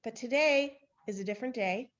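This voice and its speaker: A woman's voice: a little high, fairly quick. Woman, 30s, podcast co-host; candid, self-deprecating storyteller over a slightly dull online call. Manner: candid, self-deprecating storyteller who laughs and sighs often. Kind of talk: casual chat.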